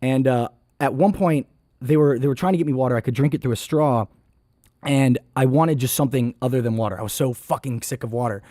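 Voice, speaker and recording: A man's voice: medium pitch, brisk, mellow, dry recording, clean studio sound. A young man on a podcast, telling a long, rambling, self-deprecating story in a casual way, often mimicking other people. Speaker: podcast guest.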